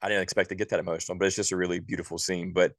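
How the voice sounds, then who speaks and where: Male podcast co-host, very low voice, dry close sound, exasperated and profane ranting. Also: level tone, racing, fairly bright tone, dry recording. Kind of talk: casual movie review chat.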